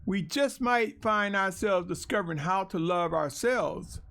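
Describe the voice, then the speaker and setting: High-voiced man preaching earnestly. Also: a bit bright. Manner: earnest, emphatic preaching with drawn-out pauses. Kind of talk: sermon with scripture reading.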